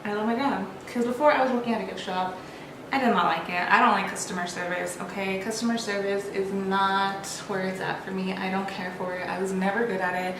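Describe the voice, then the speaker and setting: A woman's voice: mid-range voice, steady tone, a little fast, echoey room, noisy background. A young woman chatting candidly while getting ready, rambling with many restarts, recorded on a built-in camera mic. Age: young adult. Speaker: beauty vlogger. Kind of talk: casual get-ready-with-me chat.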